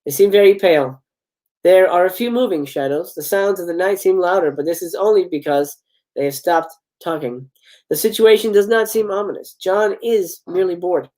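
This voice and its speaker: A man's voice: high voice, normal speed, a little mellow, low-quality recording. Man reading stage directions aloud. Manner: reads stage directions with chuckling asides and stumbles. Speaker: host reading film scripts. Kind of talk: live script read-aloud.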